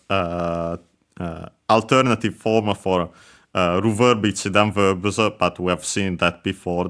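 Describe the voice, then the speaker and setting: A man's voice: low voice, sharp tone, clear, resonant tone. A man teaching Japanese while playing a video game, hesitant and full of filler words and self-corrections. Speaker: Japanese language teacher streaming gameplay.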